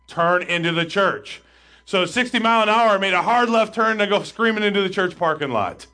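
A man, a pastor, preaching a sermon and telling a personal story, swinging between loud excitement and hushed asides. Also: high-pitched, a little fast.

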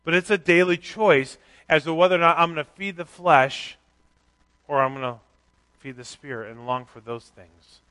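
Bright-voiced man preaching candidly. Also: a little high, moderate pace, clean tone. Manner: candid, conversational preaching with self-deprecating asides. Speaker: pastor. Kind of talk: sermon.

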